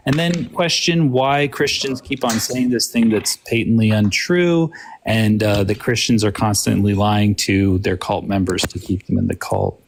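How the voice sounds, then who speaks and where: Insistent low-voiced man debating. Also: unhurried, gravelly, slight background noise. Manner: argumentative, insistent, repeats himself. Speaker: podcast co-host. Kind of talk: casual live-stream debate.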